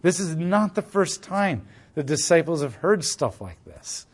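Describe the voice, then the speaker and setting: A man's voice: a little high, big pitch swings, measured pace, slightly rough. A man teaching a casual Bible study, explaining passages conversationally with asides and frequent "like".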